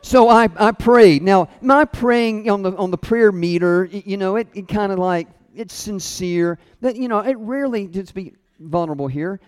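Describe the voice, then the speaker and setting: A middle-aged man tells a story in a sermon with self-mocking humor, his voice sitting a little high for a man. He laughs easily between lines and goes quiet and soft when the story turns tender. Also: moderate pace, hardly any pauses, clear, resonant tone. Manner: chuckles often, voice drops low and soft at tender moments. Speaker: speaker at a college chapel.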